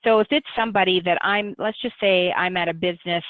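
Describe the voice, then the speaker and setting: A middle-aged woman, a guest on a webinar, speaking gently and in a measured way with many pauses. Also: on the low side, steady tone, dry recording. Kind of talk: webinar conversation. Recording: tinny dry phone line.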